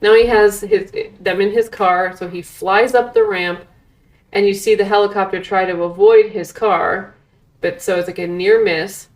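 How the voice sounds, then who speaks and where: A woman's voice: mid-range voice, steady tone, distant mic. A woman co-hosting a podcast, recapping a movie in casual chat, incredulous and teasing. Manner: incredulous, teasing, drawn-out storytelling. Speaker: podcast co-host.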